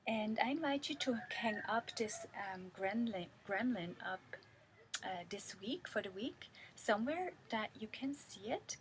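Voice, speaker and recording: Slow-talking woman teaching a lesson. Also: a little high, lively intonation, low-quality recording. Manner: slow, earnest, with small restarts. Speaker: creativity course teacher. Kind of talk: guided lesson with exercises. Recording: background noise.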